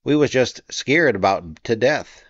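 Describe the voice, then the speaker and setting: A man's voice: medium pitch, expressive, unhurried, no echo, dull audio, lightly acted. A man doing a drawling working man. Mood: earnest. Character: poor Southern man, plain-spoken.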